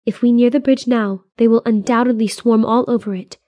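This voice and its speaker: A woman voicing a cautious young princess in an audiobook, measured and hushed in a commanding way. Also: on the high side, steady tone, no room sound, close to an everyday voice. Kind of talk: audiobook character voice.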